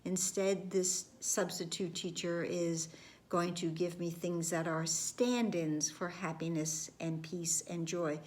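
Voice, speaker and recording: Slow, soft-spoken woman teaching. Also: on the low side, fairly even intonation. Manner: slow, gentle, repetitive phrasing with soft whispered words. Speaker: spiritual course teacher. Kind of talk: reflective lesson talk.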